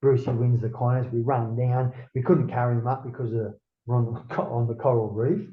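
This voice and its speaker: A middle-aged Australian man, an interview guest, telling rambling, animated stories full of swearing. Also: medium pitch, brisk. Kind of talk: casual storytelling. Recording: roomy, dull lo-fi sound.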